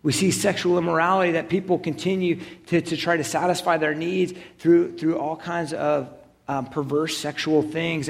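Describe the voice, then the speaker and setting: Conversational man preaching, fairly high voice. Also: vocal fry. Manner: conversational, self-deprecating, frequent "right?" tags. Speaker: pastor. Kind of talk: sermon.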